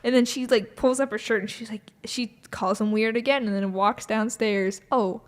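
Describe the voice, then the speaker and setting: High-voiced woman retelling a film. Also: moderate pace, big-room sound. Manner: animated storyteller, acts out quoted lines with shifts of pitch. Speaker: podcast co-host. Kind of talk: casual chat retelling a film.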